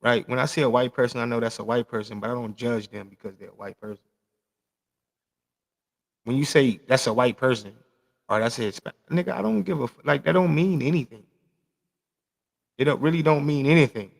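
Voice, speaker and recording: La guy vlogging, gravelly, swears a lot, says stuff twice, echo hangs in the room. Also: medium pitch, a little fast, pauses often. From South Central Los Angeles. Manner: loose, profane, emphatic, repeats himself. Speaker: vlog host. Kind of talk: casual monologue to camera.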